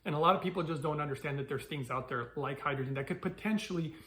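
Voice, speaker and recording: Rambling man host, slightly high voice. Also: fast talker, pushed and bright. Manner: rambling, repeats himself, many fillers. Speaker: channel host. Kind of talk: casual talk to camera.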